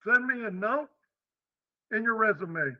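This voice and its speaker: An older man putting on a gruff, high-pitched voice for a brusque New York hiring boss with a heavy accent, clipped and matter-of-fact. The sound is dry and a bit dull, like a lo-fi podcast recording. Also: expressive, unhurried, no echo. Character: gruff middle-aged male New York hiring manager with a cigar.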